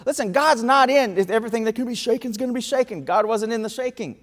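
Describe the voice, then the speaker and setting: A man preaching a sermon, telling a story with lively acted-out quotes. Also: extremely high pitch, quick pace. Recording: reverberant hall.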